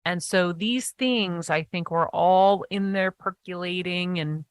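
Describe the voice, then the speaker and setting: A woman guest in a casual interview chat, talking eagerly in animated bursts with quick restarts. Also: fairly low pitch, clear, resonant tone, no echo.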